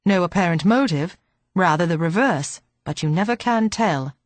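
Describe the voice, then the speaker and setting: A woman voicing a brisk, thoughtful police chief inspector who asks clipped, businesslike questions. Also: high voice, animated, dry recording.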